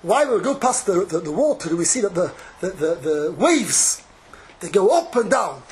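Lively, high-voiced rabbi preaching. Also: male voice, normal speed, a little hiss or hum. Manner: chants verses in a sing-song, repeats phrases. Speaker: rabbi giving a Torah talk. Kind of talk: Hasidic Torah sermon.

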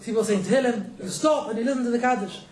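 A man teaching a casual religious lesson, quick and joking, chuckling between points. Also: very high voice, darkish tone, reverberant, low-quality recording. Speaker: rabbi teaching a class.

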